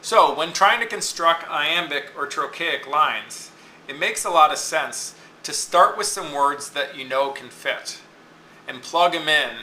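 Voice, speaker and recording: A man's voice: fairly high pitch, a little slow, sharp tone. Man, teacher, patient step-by-step lecture, echoey classroom, faint hiss. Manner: patient, explains step by step, checks in with "okay?". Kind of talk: classroom lecture on poetic meter.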